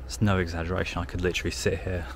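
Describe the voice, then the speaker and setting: Young man, low voice, casual walking vlog, chatty and amused, handheld camera outdoors, loud wind and traffic. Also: flat delivery, racing, creaky. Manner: chatty, amused commentary with frequent "like". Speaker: walking vlogger. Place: outdoors, countryside fields and villages.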